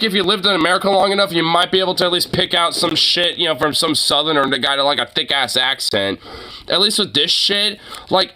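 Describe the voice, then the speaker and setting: A male streamer in full rant mode, crude and profane as he reacts to posts. His voice is sharply bright and slightly high for a man. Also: slight background noise.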